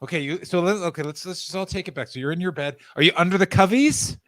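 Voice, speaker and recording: Teasing, ranting man with a higher voice. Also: a bit bright, dry recording, clean studio sound. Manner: ranting, teasing, quick jokes. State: tired. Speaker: podcast co-host. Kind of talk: casual stream chat.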